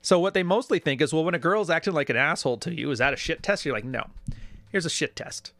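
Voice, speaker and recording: A man delivers loose, sarcastic commentary in a bright, forward voice that is set a bit high for a man. His pitch swings widely as he riffs. The sound is dry and close, with no room around it. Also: fast talker, no echo. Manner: animated, sarcastic, does mocking quoted voices. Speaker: YouTube commentator. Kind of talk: casual reaction commentary.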